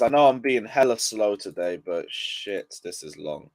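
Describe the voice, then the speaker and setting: A man's voice: fairly low pitch, animated, a little slow, a little mellow. A young man ranting on a casual football live stream, just woken up and yawning, swearing in frustration as he reads chat aloud. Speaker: football livestreamer.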